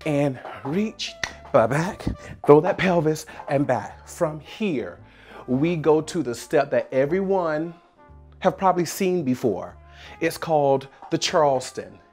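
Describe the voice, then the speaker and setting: A dance instructor from South Carolina with a medium-pitched, slightly mellow voice leads a dance tutorial. Full of energy, they count beats aloud and scat the rhythms.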